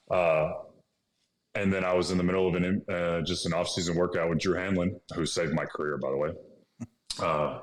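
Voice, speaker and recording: A man in his thirties from Illinois, a podcast guest telling a story in an animated, casual way and often laughing. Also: low-pitched. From Illinois, USA. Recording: echoey room.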